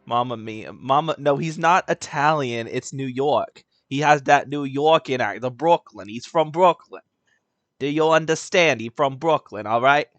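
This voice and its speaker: A man's voice: on the high side, unhurried, fairly bright tone, no room sound. Joking, foul-mouthed young man streaming. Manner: joking, profane, laughs a lot, talks to chat. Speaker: game streamer. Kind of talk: casual live-stream commentary.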